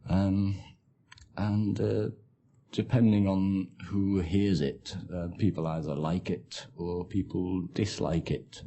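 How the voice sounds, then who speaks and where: Deep-voiced man with a Scouse accent. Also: fairly even intonation, takes it slowly, mellow. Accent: Liverpool Scouse. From Liverpool, England. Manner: hesitant, with many ums and repeated words. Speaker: speaker describing his accent. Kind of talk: unscripted monologue for a language lesson.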